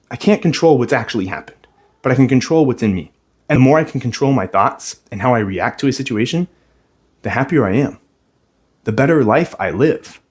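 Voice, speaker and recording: Earnest young dad talking to camera. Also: male voice, mid-range voice, darkish tone, slightly rough. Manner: earnest, reflective, plain-spoken. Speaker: vlogger, stay-at-home dad. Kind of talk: personal talk to camera.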